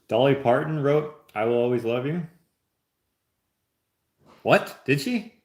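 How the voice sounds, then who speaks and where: A man's voice: medium pitch, animated, slow pace, pauses often, darkish tone. A man hosting a casual livestream, reading chat aloud and opening gifts in an easygoing, joking way. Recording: roomy echo.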